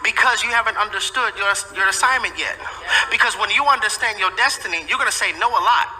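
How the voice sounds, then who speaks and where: A man's voice: high-pitched, fast, pushed and bright. A man preaching a sermon as a pastor, emphatic and repeating his key phrases for effect. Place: church sanctuary. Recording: echoey sanctuary with long reverb.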